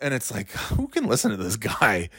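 A man's voice: on the low side, huge pitch swings, moderate pace, fairly bright tone, breathy edge, no echo, studio quality. A man ranting casually as a podcast host, rambling and sarcastic, swearing a lot. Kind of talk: casual profane rant.

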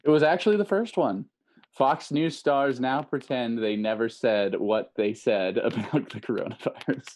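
A man co-hosts a casual podcast from a video call and runs a little headline-guessing game. His voice sits at an ordinary middle pitch, and his tone is easygoing. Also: normal speed, a little mellow, rough recording. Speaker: podcast co-host.

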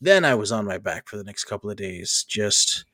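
Animated storytelling man, dry sound. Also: fairly low pitch, normal speed, dry recording. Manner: animated storyteller, acts out quoted voices with laughter. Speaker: podcast host. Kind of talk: casual storytelling chat.

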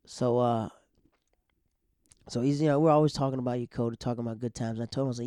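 A man casually telling a long story, animated, with frequent restarts and acted-out quotes. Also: mid-range voice, fast talker, clear, resonant tone, no echo, clean studio sound. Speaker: storyteller guest.

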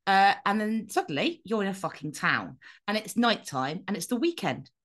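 A woman co-hosting a podcast, telling a story in an animated, sweary, casual way. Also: medium pitch, moderate pace. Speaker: podcast co-host. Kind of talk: casual chat.

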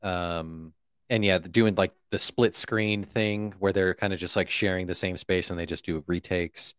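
Jokey low-voiced man on a podcast. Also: fairly even intonation, smooth, dry recording, clean studio sound. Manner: jokey, swears often, acts out quick bits. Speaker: podcast co-host. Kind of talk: casual movie podcast chat.

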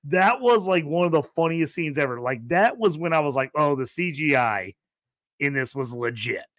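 Animated man host, slightly high voice. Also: moderate pace, no echo. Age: adult who grew up in the eighties. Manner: animated, laughing, acts out quotes. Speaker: podcast host. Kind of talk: casual movie review chat.

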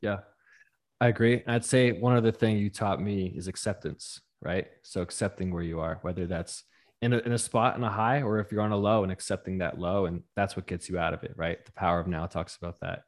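A man's voice: sits low, fairly quick. A man hosting a podcast, chatting casually and agreeably with a guest. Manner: relaxed, agreeable, loose filler words. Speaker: podcast host. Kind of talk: casual conversation.

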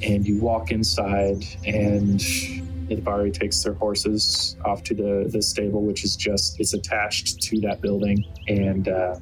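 A man's voice: fairly low pitch, completely flat delivery, slow, soft background music, low-quality recording. A man narrating as game master, rambling with many fillers and restarts.

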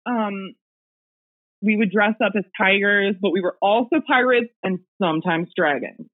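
A woman's voice: medium pitch, moderate pace. A woman guest casually telling a personal ghost story, rambling with fillers and little laughs, heard over a remote call. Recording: tinny phone-line audio.

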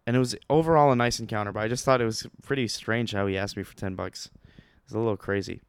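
A young man telling a rambling, excitable story in a casual vlog, with many fillers and restarts. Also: on the low side, fast, clean tone.

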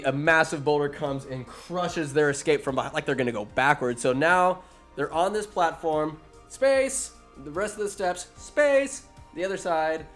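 A man's voice: on the high side, a bit bright. A man giving a casual, comedic movie recap, rambling and profane with sarcastic asides.

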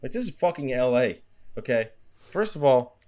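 A man's voice: medium pitch, big pitch swings, moderate pace, a little mellow. Young man swearing and joking. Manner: profane, laughing, joking reactions. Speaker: podcast co-host. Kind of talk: casual chat.

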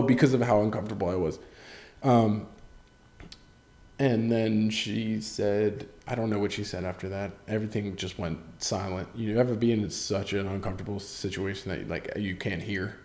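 A man's voice: on the low side, steady tone, moderate pace, mellow. Rambling young man telling a podcast story. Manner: rambling, self-deprecating, swears casually. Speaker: podcast host.

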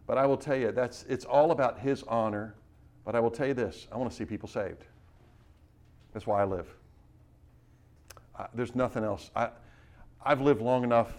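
A man preaching to a missionary class, urging his listeners with rapid rhetorical questions and frequent restarts. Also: mid-range voice, a little mellow. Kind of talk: sermon-style teaching.

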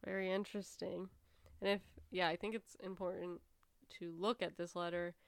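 A woman's voice: lowish voice, level tone, normal speed, creaky, no room sound. A young woman co-hosting a casual podcast, laid-back and thinking aloud, her talk full of "like" and "I don't know". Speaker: podcast co-host. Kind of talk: casual true-crime chat.

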